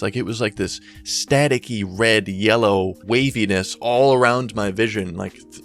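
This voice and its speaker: A young man telling a story in a casual, rambling way, full of slang and swearing. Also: mid-range voice. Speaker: YouTuber storyteller.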